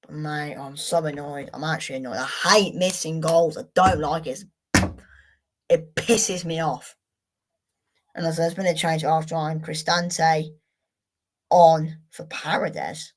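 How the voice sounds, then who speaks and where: A woman's voice: low voice, measured pace. A young woman hosting a live football watchalong, chatting to viewers in a frustrated, sweary way. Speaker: watchalong host.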